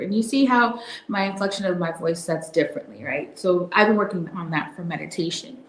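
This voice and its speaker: A woman hosting a casual devotional talk, soft-spoken and reflective, now and then dropping into a whisper. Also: on the low side, a little fast, echoey room, low-quality recording. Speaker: host.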